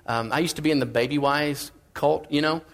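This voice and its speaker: A man preaching a sermon in a casual, conversational way, swinging between emphatic and quiet lines. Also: fairly high pitch, fairly even intonation, fairly quick.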